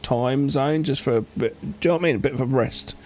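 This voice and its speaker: A man's voice: medium pitch, fast talker, darkish tone. Man co-host chatting about a film. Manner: hesitant, with restarts and filler. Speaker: podcast co-host. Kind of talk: casual film recap chat.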